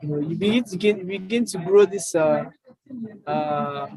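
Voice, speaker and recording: A young Nigerian man telling his own story as an interview guest, halting with many fillers and restarts. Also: high voice, a little mellow, poor audio. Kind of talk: casual interview chat.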